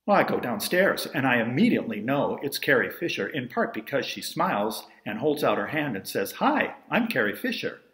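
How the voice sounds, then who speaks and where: A man's voice: medium pitch, lively intonation, a little fast, hardly any pauses, a bit bright, roomy sound. Wry man telling a story. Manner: wry, conversational, self-amused asides. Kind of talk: personal storytelling monologue.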